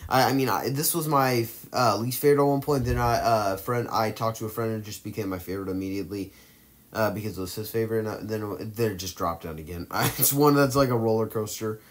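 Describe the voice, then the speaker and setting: A man's voice: on the low side, fast talker. A man giving casual commentary as he ranks films for a tier list, hesitant and rambling, with frequent fillers and corrections of himself in mid-sentence. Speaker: movie tier list vlogger.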